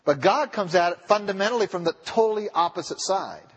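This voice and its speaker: A man preaching a sermon in a church, with a husky voice, pressing his listeners with repeated rhetorical questions. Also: high-pitched, fairly quick. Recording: long reverb of a large hall.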